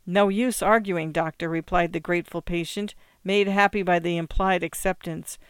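A storyteller voicing a grateful young man who eagerly presses a gift on someone, in a clear, smooth voice. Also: medium pitch, fairly even intonation, normal speed, a bit bright, no echo, studio quality, close to an everyday voice. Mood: overjoyed. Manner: effusive, pleading.

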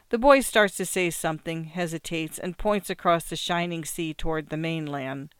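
A reader narrating literary short stories in a calm, measured way. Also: mid-range voice, clear, resonant tone, no echo. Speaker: audiobook reader. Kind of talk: scripted short story narration.

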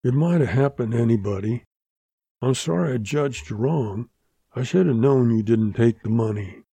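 A husky, gravelly young outlaw gunslinger, as a storyteller puts him on, wounded and hard-bitten yet kind underneath. He talks in a terse western drawl, low and dark in tone, close and dry on the mic. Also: normal speed, no echo. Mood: tender. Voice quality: raspy, husky.

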